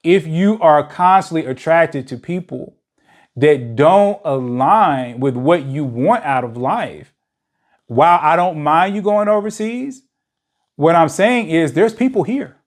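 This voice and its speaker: A man's voice: a little high, expressive, measured pace. A man hosting a dating channel, talking in a loose, rambling way and packing his speech with "you know" fillers. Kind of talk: casual monologue to camera. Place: lives in a big city.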